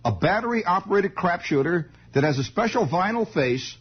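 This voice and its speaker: A man's voice: high voice, animated, moderate pace, husky. A man hosting a late-night radio monologue, rambling, wry and sardonic. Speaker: radio host. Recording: dull 1960s radio broadcast.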